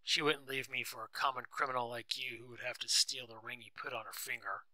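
A man reading the part of a brash, quick-tempered wealthy husband who shouts when angry. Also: mid-range voice, fairly even intonation, no room sound.

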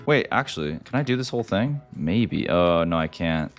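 Low-voiced man with animated game commentary. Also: moderate pace, soft background music. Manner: excitable, talks to himself and the viewers, says "dude" often. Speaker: gaming video host. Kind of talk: gameplay commentary.

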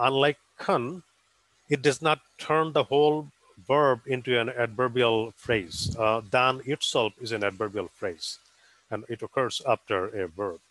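A man's voice: mid-range voice, fairly bright tone, no echo, rough recording. A man giving an academic conference presentation, explaining carefully with frequent um and uh fillers.

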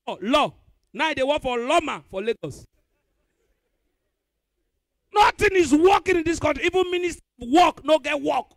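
A young man with a Nigerian Pidgin accent doing live stand-up comedy, animated and bursting into shouts. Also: extremely high pitch, no room sound, clean studio sound.

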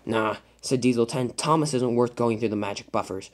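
A storyteller voicing a gruff, bossy male diesel engine villain who gives loud, commanding orders in a toy train fan film. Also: medium pitch, a little fast, close to an everyday voice.

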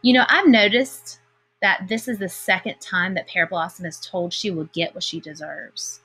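A woman teacher reading a picture book aloud to her class, with expressive delivery and comments of her own in between. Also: on the low side, moderate pace, slightly rough. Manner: expressive storybook reading with lively character voices.

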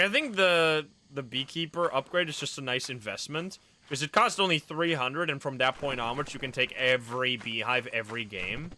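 A man's voice: fairly high pitch, bright, forceful tone. A man streaming a game with friends, chatting casually, laughing often and swearing. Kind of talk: casual gaming chat. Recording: noisy game-stream audio.

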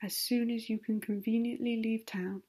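A woman's voice: on the high side, level tone, moderate pace, warm tone, slightly rough. A woman voicing a proper, composed aristocratic lady with a polite, reproving manner, in a whispered role-play.

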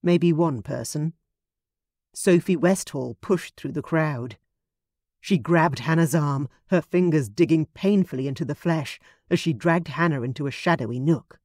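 A woman narrating a period romance audiobook in a measured, expressive studio reading. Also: low voice, no room sound.

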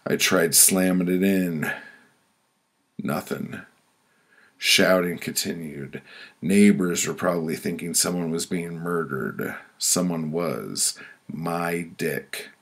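Low gravelly guy reading his own story, flat and blunt, husky voice. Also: takes it slowly. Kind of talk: spoken-word storytelling.

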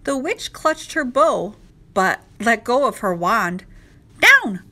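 A woman teacher reading a rhyming picture book aloud to children, slow and expressive. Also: fairly high pitch. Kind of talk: children's read-aloud narration.

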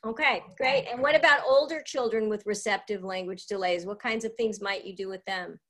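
A woman's voice: mid-range voice, brisk, a bit bright. Woman interviewer asking clarifying questions. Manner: asks questions, checks and clarifies details. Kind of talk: conversational interview.

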